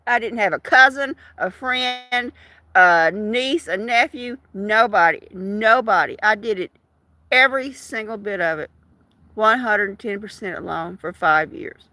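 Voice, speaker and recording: A woman's voice: mid-range voice, a little slow, bright, forceful tone, no echo. A woman host on a livestream, ranting in an indignant, emphatic, casual way. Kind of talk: casual ranting live chat.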